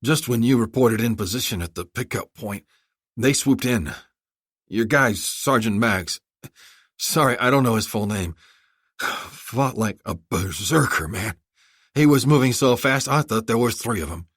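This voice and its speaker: A man's voice: medium pitch, animated, unhurried, a bit bright, no echo, studio quality, pitched above the performer's own voice. Man doing a dazed wisecracking young pilot. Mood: shaken.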